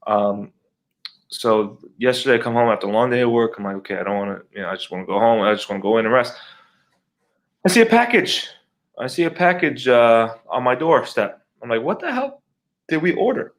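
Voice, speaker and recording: A middle-aged man co-hosting a podcast, telling a long neighbor story in casual, profane, animated talk and acting out his own reactions. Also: mid-range voice, fairly quick. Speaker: podcast co-host.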